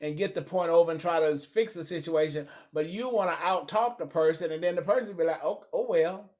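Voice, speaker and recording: A man with a fairly high voice gives earnest, homespun marriage advice in a relaxed chat. He circles back to the same phrases again and again to drive his points home. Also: fairly quick. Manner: earnest, repeats key phrases for emphasis. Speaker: co-host giving marriage advice. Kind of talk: casual faith-based relationship talk.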